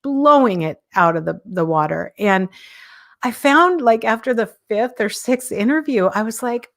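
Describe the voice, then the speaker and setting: A woman's voice: fairly high pitch, animated, normal speed. Woman, 50s, podcast host, casual live monologue, candid and self-mocking. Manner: candid, self-deprecating, chuckles often.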